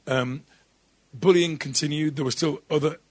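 Middle-aged guy from england, kinda husky, animated storyteller, dry recording. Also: on the high side, moderate pace, no room sound. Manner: animated, slips into voices and laughs while telling stories. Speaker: impressionist guest. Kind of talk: interview storytelling.

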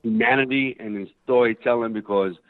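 A middle-aged actor, appearing as a guest in a casual interview, tells a story animatedly and loudly acts out the quoted voices. His medium-pitched voice runs a little fast, and the dry recording sounds like a tinny phone line.

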